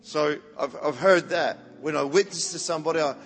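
Speaking briskly in a slightly high voice, an evangelist tells animated sermon stories, frequently repeating words when he restarts. Faint music plays in the reverberant hall where he's recorded.

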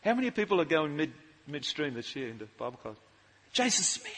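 A man preaching a lively church sermon, animated and jokey, calling out to the congregation. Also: a little high, fast, slightly rough. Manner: animated, jokey, shouts out to the crowd. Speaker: pastor. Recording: live sermon in a reverberant church hall.

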